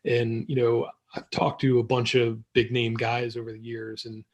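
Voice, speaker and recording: Brief: male guest around 40, husky voice, thoughtful and self-deprecating. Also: mid-range voice, monotone, normal speed, dull audio. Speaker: podcast guest. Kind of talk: casual chat.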